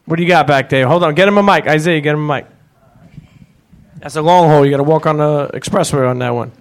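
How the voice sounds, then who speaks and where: A man hosting a live podcast in front of an audience, telling rambling, animated, profane stories and taking questions. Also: fairly high pitch, fast, clear, resonant tone. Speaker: host. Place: live event space with audience.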